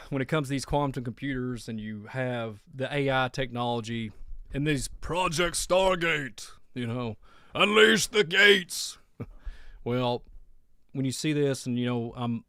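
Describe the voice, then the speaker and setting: A man's voice: mid-range voice, clean tone, dry recording, clean studio sound. Laughing Kentucky country man. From Kentucky, USA. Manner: rambling, laughs often. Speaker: host. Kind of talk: casual radio-style monologue.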